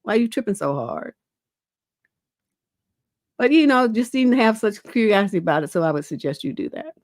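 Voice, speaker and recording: A middle-aged woman relationship coach on a livestream reads viewer questions aloud and answers bluntly and casually, peppering her talk with "you know" and a lingering cough. Her medium-pitched voice is expressive and fairly quick, recorded at studio quality with no room sound.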